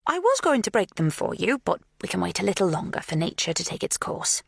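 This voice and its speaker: A woman's voice: fairly low pitch, very animated, a little fast, vocal fry, breathy edge, dry recording, studio quality, pitched above the performer's own voice, full character voice. A woman voicing an unsettling older woman who plays the midwife, soothing in a sing-song, menacing way. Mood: falsely soothing.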